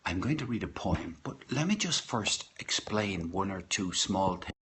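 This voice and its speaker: Speaking at a normal speed, an Irish man with a deep, fairly bright voice and big swings in pitch runs a casual live poetry stream from his kitchen at home. He welcomes viewers by name, meandering and hesitating, recorded on a phone.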